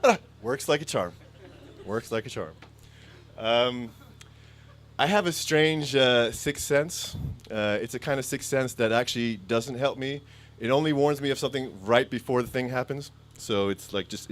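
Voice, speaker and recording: A man's voice: medium pitch, normal speed. Rambling self-mocking stand-up comic man. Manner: rambling, self-mocking storytelling with jumpy voiced impressions. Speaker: stand-up comedian. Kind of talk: stand-up comedy set. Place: stage before a live audience.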